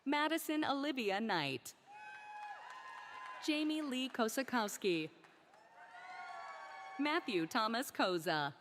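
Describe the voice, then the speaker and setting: A woman reading out graduates' names one by one at a commencement ceremony, careful and deliberate. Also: fairly high pitch, sing-song, fairly bright tone. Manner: slow, careful name reading. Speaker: commencement name reader. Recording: crowd and noise of a large ceremony.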